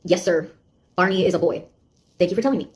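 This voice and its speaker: A woman's voice: on the low side, quick pace, husky. An actress playing a sarcastic young woman, a beta tester who mocks and scolds a nosy AI in a one-sided audio drama. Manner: mocking, taunting, exasperated.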